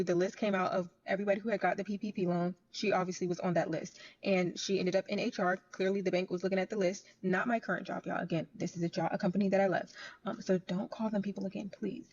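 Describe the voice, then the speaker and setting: A woman's voice: medium pitch, darkish tone. A woman who works in banking, telling a story to camera in a chatty way that repeats points for emphasis. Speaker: bank worker. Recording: dull lo-fi audio.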